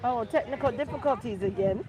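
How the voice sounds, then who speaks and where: A woman's voice: fairly high pitch, expressive, normal speed. A woman co-hosting a live podcast outdoors on a beach, flustered and exclamatory. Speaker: podcast co-host. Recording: distant mic with loud outdoor noise.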